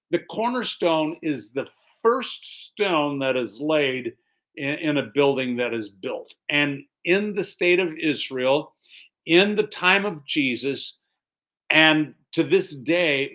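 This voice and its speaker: A man preaching in an easy, talkative way, moving between scripture readings and plain explanation. His voice sits a little higher than most men's. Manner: relaxed, chatty, explains as he goes. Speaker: pastor. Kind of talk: conversational sermon with scripture reading.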